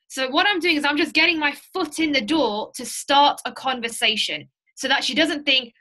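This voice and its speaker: A woman giving a sales training to a group, animated and direct, teaching through stories. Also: sits high, moderate pace, hardly any pauses. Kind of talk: lively training talk to a group.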